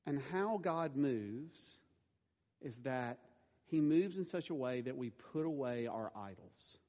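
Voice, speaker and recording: A man's voice: medium pitch, expressive, unhurried. A middle-aged man preaching a sermon as a pastor, casual and self-deprecating, laughing now and then. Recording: dull sound with long hall reverb.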